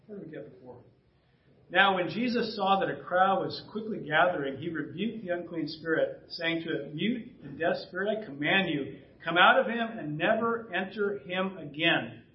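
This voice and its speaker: Male pastor, high voice, conversational sermon with throat clearing, dull echoey church sound. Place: church sanctuary. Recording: distant roomy church recording, dull sound.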